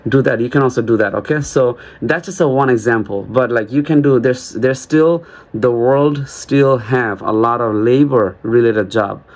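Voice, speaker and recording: A man's voice: mid-range voice, vocal fry, a little mellow. A man vlogging in a rambling, joking monologue who acts out little dialogues as he goes. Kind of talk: casual monologue to camera.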